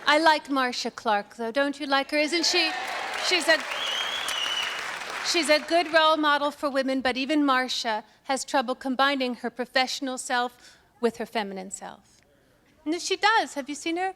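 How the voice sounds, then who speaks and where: A woman's voice: high voice, normal speed, fairly bright tone, some chatter behind. A woman doing a stand-up comedy set on stage with a dry, matter-of-fact delivery. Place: stage before a live audience. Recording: live audience and room noise.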